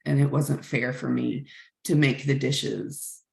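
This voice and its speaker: A woman in her thirties or forties shares a frank, reflective story with a class, her low voice carrying a gravelly edge. She speaks slowly and thoughtfully. The recording has a roomy echo. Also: steady tone. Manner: reflective, frank, many "like" fillers. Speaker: communication workshop facilitator. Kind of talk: candid personal story told to a class.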